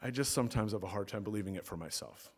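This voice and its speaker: A man preaching a sermon as pastor in a church, swinging between loud emphatic peaks and soft low asides. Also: rapid-fire, husky. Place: church sanctuary.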